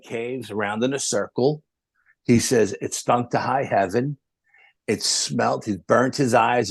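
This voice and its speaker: A man, a podcast guest telling a story in a lively way and acting out what the people in it said. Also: mid-range voice, vocal fry, slightly rough, no room sound. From New York. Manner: animated, acts out the voices of people in his stories. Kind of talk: storytelling in a casual interview.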